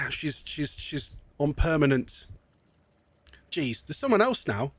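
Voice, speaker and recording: A man's voice: on the high side, sing-song, slow pace, slightly rough. A young English man streaming live, chatting in a rambling way and laughing often, a bit wheezy from asthma. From England. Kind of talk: casual live-stream chat.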